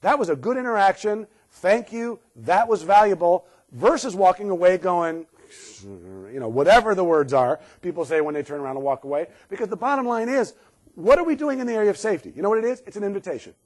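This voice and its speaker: A man's voice: sits high, expressive, brisk. A man giving a humorous keynote on workplace safety to an audience, sarcastic and joking, acting out what people say.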